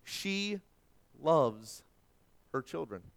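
High-voiced, clear preaching man. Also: very animated, drawn-out words. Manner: dramatic, swinging from forceful to hushed; emphatic scripture quoting. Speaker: pastor. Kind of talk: sermon.

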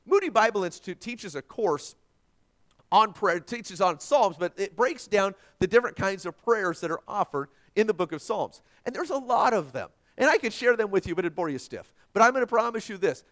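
A man preaching a sermon as pastor, folksy and animated, moving from loud emphasis to soft asides. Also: sits high, normal speed.

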